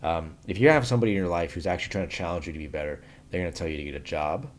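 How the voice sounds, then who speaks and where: A man with a low voice speaks his mind bluntly in an unscripted vlog monologue. He rambles and circles back as he talks, restarting his sentences without polish. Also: racing, a little hiss or hum. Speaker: vlogger giving his opinions. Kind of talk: unscripted opinion monologue to camera.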